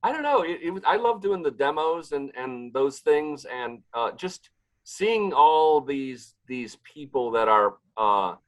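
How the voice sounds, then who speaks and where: A man's voice: on the high side, lively intonation, measured pace, muffled recording. A man guesting on a podcast, talking casually and rambling, often trailing off while he searches for names. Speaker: guest, pizzeria owner and pizza competition emcee.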